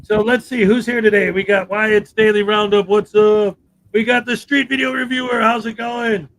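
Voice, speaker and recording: A livestream host with a high, bright voice. He chats casually and eagerly with his co-hosts. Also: fairly even intonation, normal speed, poor audio. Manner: chatty, enthusiastic.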